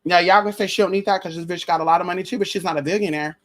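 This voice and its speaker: A woman with a fairly low, steady voice talks very fast as she hosts a live stream. She gossips casually about celebrity spirits, sassy and brash, full of slang and swearing.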